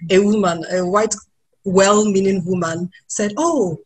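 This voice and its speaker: A woman's voice: medium pitch, brisk, husky, low-quality recording. A woman in her thirties from Nigeria with a Nigerian accent, a guest on a webinar panel who tells her story expressively with laughs, speaking over a video call. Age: 30s.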